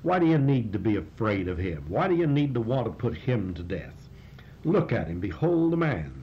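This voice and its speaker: A man's voice: sing-song, normal speed. A man preaching a sermon, retelling a scripture passage and reading from it with comments and rising emphasis. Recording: dull lo-fi recording with faint hiss and rumble.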